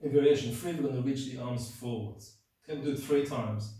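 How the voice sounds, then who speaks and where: A male yoga instructor guiding a class, giving calm, steady cues and counting down holds while a little out of breath from demonstrating. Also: mid-range voice, brisk. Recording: very echoey room, mic far off.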